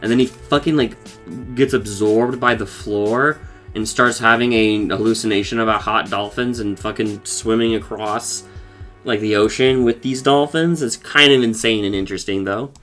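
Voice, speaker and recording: A man's voice: lowish voice, steady tone, normal speed, fairly bright tone, faint music behind. A man casually recapping a cartoon episode for his podcast, talking loosely with lots of swearing and fillers. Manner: loose and profane, with frequent fillers and laughs.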